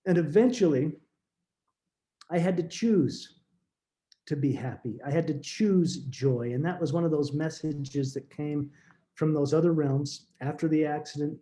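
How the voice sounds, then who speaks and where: Man, middle-aged, podcast guest, earnest, halting restarts, warm mellow tone. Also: on the high side. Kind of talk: emotional personal storytelling.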